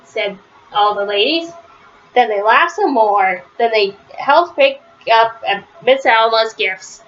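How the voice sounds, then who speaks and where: A woman reading a children's picture book aloud, with a lively delivery that rises high on the characters' shouts. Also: takes it slowly, dull audio, slight background noise. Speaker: storybook reader.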